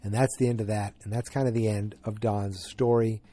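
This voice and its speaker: A man's voice: lowish voice, steady tone, fairly quick, warm tone, dry recording. A man hosting a podcast, chatting through an episode recap in a rambling way that flares into exasperation. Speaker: podcast host.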